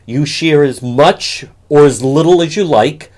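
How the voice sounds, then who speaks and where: Male talk radio host, earnest and measured, reassuring tone. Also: fairly high pitch, darkish tone.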